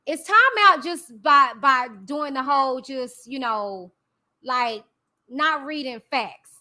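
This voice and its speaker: A woman's voice: sits high, sharp tone. A young woman hosting a casual commentary vlog. She reads a court document aloud and breaks off to chat directly with her viewers in slangy asides. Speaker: YouTube commentary host.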